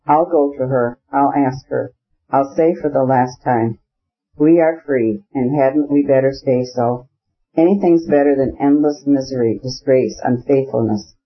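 A man's voice: medium pitch, unhurried, slightly rough. A man voicing an anxious, jealous young man in a storybook reading, gloomy and imploring. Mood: despairing. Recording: slightly muffled audio.

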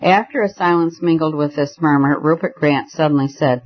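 A man reads a novel aloud in first person with a measured, storytelling delivery. His voice is fairly high for a man. The recording is a little dull and lo-fi. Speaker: audiobook reader.

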